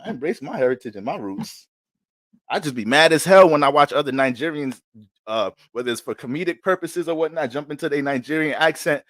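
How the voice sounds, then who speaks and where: A man hosting an astrology livestream, talking in a loose, slangy, animated storytelling way. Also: on the high side, brisk, no room sound, clean studio sound. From Bronx, New York. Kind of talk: casual livestream chat.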